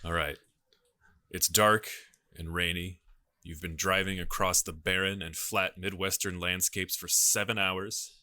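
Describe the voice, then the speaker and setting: Low, bright-voiced man spinning a tale. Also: no room sound. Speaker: podcast co-host. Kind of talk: mock-dramatic storytelling.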